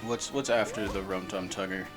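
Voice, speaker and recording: A man's voice: sits low, fairly even intonation, moderate pace. Guy rambling over gameplay, laughs a lot, game music going. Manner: rambling, laughing, repeats words. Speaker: gaming channel host. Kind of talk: casual commentary over gameplay.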